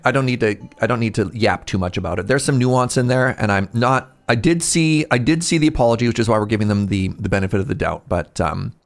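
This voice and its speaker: A male streamer in casual chat with his viewers, rambling and cutting himself off, with sudden animated outbursts. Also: medium pitch, creaky.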